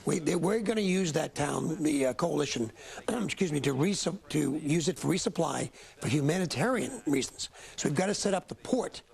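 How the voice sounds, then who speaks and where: A man's voice: fairly high pitch, animated, moderate pace, vocal fry, darkish tone, breathy edge. A man working as a military analyst, giving live news commentary in an emphatic, admiring way, with many restarts.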